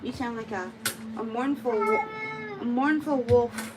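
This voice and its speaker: A woman's voice: on the high side, measured pace, heavy background noise. A woman cat groomer chatting on a live stream, cooing baby talk to the cat she grooms.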